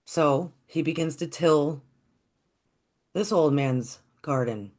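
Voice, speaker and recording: A storyteller telling a folktale in a gentle, reflective, unhurried way. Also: medium pitch.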